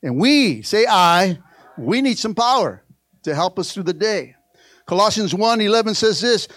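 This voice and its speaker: A man with a high voice preaches a playful sermon and keeps calling on the church to answer. He acts out little prayers and bits of dialogue, then slips into soft, low asides. The sound is dry and close. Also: animated, normal speed, dry recording. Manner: playful, call-and-response preaching. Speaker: pastor.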